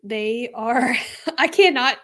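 Her voice is fairly high and her pace is slow as she co-hosts a true crime podcast. The young woman keeps things chatty and giggly, often laughing partway through what she's saying.

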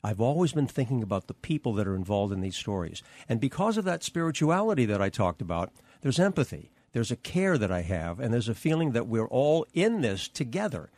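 An older American man, a veteran news anchor, telling lively stories and acting out the dialogue in an interview. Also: medium pitch, a little fast, few pauses, no echo. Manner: animated anecdotes, acts out quoted dialogue. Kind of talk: storytelling interview answers.

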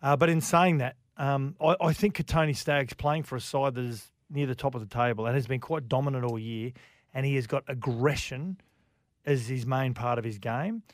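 An Australian man hosts a sports radio show, bantering with his co-hosts and reading listener texts. He speaks at a middle pitch on a dry, close studio microphone. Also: normal speed, no echo. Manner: banter, reads listener messages. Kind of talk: casual sports radio chat.

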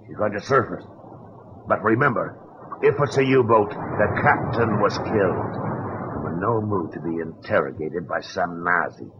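A gruff, defiant old sea captain. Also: male voice, deep voice, normal speed. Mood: tense. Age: older. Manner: gruff, curt and scornful. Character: stubborn older British merchant captain, proud and defiant. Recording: dull old radio broadcast with hiss.

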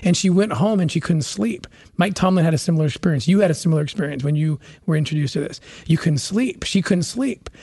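A husky, fairly high-voiced man speaks as a podcast guest. He retells history with earnest passion, often stumbling and restarting his sentences as he builds his point. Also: quick pace, few pauses, darkish tone. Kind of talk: conversational interview storytelling.

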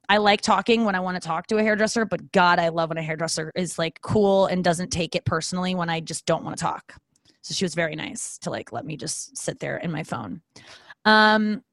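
A young woman vlogger talks candidly at home in a fairly low voice, with no room sound. Her casual monologue rambles along, self-deprecating and full of joking asides.

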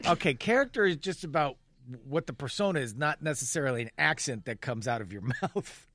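A man's voice: mid-range voice, animated, a bit bright, no echo. A man hosting a podcast in casual chat, coaching improv in a directive way. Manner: directive, quick to laugh. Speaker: podcast host.

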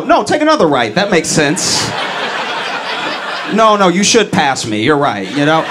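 A man doing stand-up on a comedy club stage, telling stories in an animated, exasperated way. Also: high voice. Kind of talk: stand-up set. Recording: live club set with room noise.

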